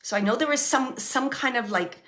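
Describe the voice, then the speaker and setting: A woman medium gives a live reading, her voice bright and a little high. She speaks in halting bursts, circles back over the same words and fills the gaps with soft fillers while she relays what she hears. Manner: halting, repeats phrases, many fillers; relays messages, quotes the dead man. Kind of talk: live audience reading, thinking aloud.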